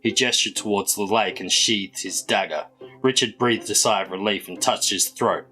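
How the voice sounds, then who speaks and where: A man reading a children's adventure book aloud in a measured storytelling manner. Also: on the low side, sharp tone, soft background music. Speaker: storybook reader.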